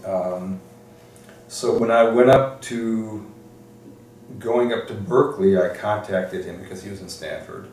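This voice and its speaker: A man's voice: fairly low pitch, measured pace, darkish tone. An older man from Detroit, a law librarian, telling stories from his career in an oral history interview, restarting often as he thinks. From Detroit, USA. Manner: reflective storytelling, frequent restarts and "um"s. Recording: echoey room, distant mic, faint noise.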